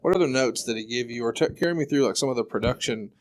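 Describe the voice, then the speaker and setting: Podcast co-host, a man, mid-pitched voice, asks prompting questions. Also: fast, noisy background. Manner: prompting, joking along. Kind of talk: interview questions, casual chat.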